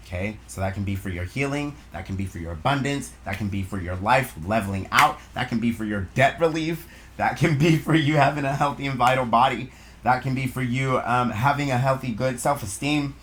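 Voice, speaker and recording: A man hosting a spiritual card reading channel, speaking gently and affectionately in a loose, meandering way, with many fillers. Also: mid-range voice, brisk, slight background noise. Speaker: channel host, tarot reader. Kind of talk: spiritual oracle reading, affirmations.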